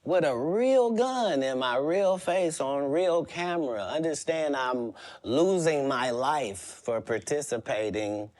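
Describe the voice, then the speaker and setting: A man's voice: on the high side, expressive, slow pace, few pauses, darkish tone. A man who is a comedian, talking in an interview in a brash, joking and boastful way. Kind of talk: interview talk.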